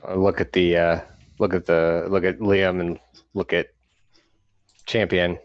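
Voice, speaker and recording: A man's voice: deep voice, little pitch movement, measured pace, dry recording. A man playing a tabletop game, talking in dry, exasperated asides. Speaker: player. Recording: slightly muffled mic.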